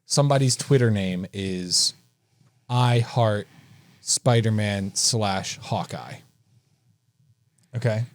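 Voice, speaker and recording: A man's voice: on the low side, takes it slowly, pauses often, dry recording. A man co-hosting a movie podcast in casual chat, chatty and self-deprecating. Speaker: podcast co-host.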